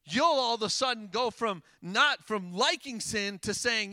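A man preaching a sermon in a casual, animated way, rising to loud emphasis and dropping to hushed tones. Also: very high-pitched, unhurried, few pauses, dry recording.

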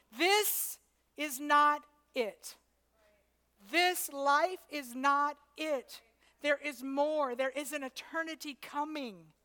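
A woman preaching a sermon, rising from soft, intimate passages to loud, shouting peaks. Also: high-pitched. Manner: preaches in rising waves, building to shouts then dropping soft.

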